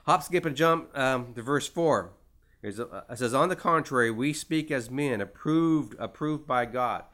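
A man's voice: mid-range voice, a little slow, a bit bright. Earnest, folksy male preacher. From United States. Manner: folksy, many "you know" fillers, earnest. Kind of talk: conversational sermon.

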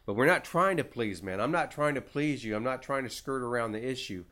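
A man's voice: medium pitch, fairly quick, a bit bright. A man preaching a conversational sermon in an earnest, folksy way, with frequent filler words. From United States. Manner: folksy, many "you know" fillers, earnest.

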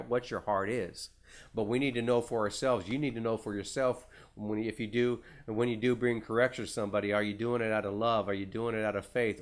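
A man's voice: on the low side, fairly bright tone. A man preaching a conversational sermon in an earnest, folksy way, with frequent filler words. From United States. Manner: folksy, many "you know" fillers, earnest.

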